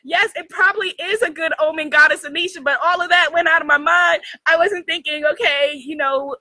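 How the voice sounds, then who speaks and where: A woman from New hosting a spiritual livestream, telling a story in an animated way, laughing often and talking straight to her viewers. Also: extremely high pitch, fairly quick, dry recording, rough recording. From United States. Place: outdoors in the jungle.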